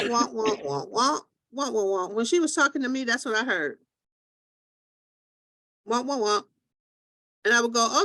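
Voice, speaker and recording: A woman hosts a group talk show, speaking in a high voice recorded dry and close. She tells her stories in a lively way and acts out the voices of the people in them. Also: dry recording. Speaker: host.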